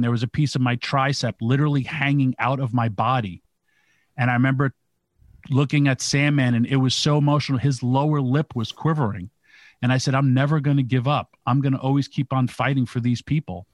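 A man's voice: medium pitch, dry recording. A man on a talk show, telling a vivid story in casual speech, with many "like"s and "literally"s. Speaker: podcast co-host telling a story.

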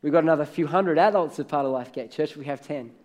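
A man's voice: a little high, fast, darkish tone. A man preaching a sermon as pastor, conversational, telling stories and building to emphatic peaks.

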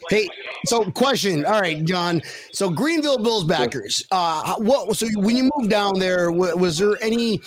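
An excitable man talks in a high, lively register, hosting a casual fan show. He tosses around swearing and bro talk as he chats. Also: unhurried, a crowd in the background. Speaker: podcast host. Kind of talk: casual chat.

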